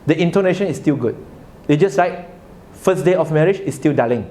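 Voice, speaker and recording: A man's voice: a little high, lively intonation, brisk, warm tone. A man giving a religious talk to a live audience, telling a story and asking listeners questions. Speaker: religious speaker.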